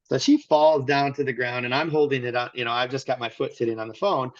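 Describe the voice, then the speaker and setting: A man's voice: mid-range voice, fairly even intonation, quick pace, dry recording. Guy rambling through a personal story, mid voice, dry kinda dull recording. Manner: rambling, restarts often, acts out quotes. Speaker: interview guest.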